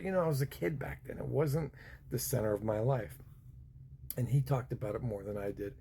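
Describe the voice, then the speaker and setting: A man in his fifties tells a story in a loose, meandering way. His voice is low and gravelly, with a mellow, dark tone. Faint ambient noise sits behind him. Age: 50s. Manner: rambling, with many fillers and restarts. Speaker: vlogger. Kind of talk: casual storytelling.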